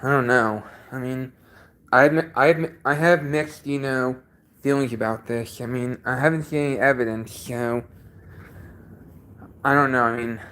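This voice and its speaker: A man's voice: mid-range voice, fairly even intonation, fairly bright tone, clean tone. A man chatting casually on his own livestream from a basement, sounding congested and often repeating himself as he talks. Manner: halting, repeats each sentence. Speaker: livestream host.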